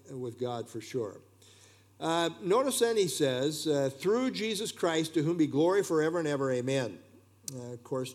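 A man teaching a verse-by-verse Bible study, unhurried, with plain explanations and frequent "uh" fillers. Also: mid-range voice, a little mellow.

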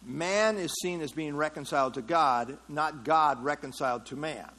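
A man with a fairly high, fairly bright voice leads an interactive Bible study at a normal speed, explaining a passage conversationally and putting questions to the class. He uses lots of fillers, and the recording is rough.

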